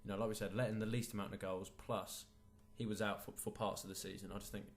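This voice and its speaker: Homme au ton passionné et tranché, voix plutôt grave. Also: male voice, fairly low pitch, little pitch movement, fast. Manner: opinionated, enthusiastic. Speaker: podcast co-host. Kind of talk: casual football chat.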